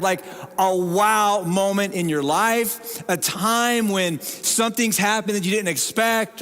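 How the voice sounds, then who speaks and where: Male pastor, high voice, humorous self-mocking sermon, long church reverb. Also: fairly bright tone. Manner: humorous, self-deprecating storytelling. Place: church sanctuary.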